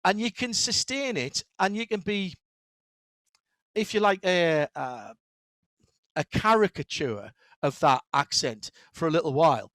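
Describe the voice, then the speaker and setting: A middle-aged man with a Northeast English accent talks fast and animatedly in a casual interview, often stopping to restart a sentence. His voice sits a little higher than most men's. The recording is close and dry, with no room sound. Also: no room sound. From Northeast England. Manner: fast-talking, animated storyteller with frequent restarts. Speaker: guest, motorsport commentator.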